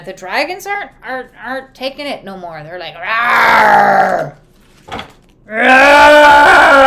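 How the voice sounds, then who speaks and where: A woman with a lowish voice, an oracle and tarot card reader, gives a live spiritual card reading to viewers over a noisy background. She is casual and emphatic, swears freely, and acts out quoted voices.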